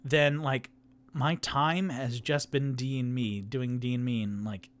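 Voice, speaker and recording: A man's voice: mid-range voice, steady tone, a little slow. A man who is the game master and sole player of a tabletop game, narrating in a rambling, casual way.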